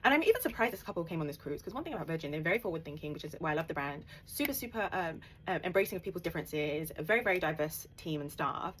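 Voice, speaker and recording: Fast-talking woman telling a story. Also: low voice, a little hiss or hum. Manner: animated, laughing, emphatic retelling. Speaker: vlogger. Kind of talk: personal storytime.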